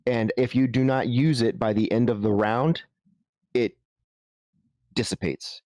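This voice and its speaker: A man running a tabletop game as game master, explaining rules in a halting way with frequent restarts. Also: mid-range voice, steady tone, a little mellow, dry recording.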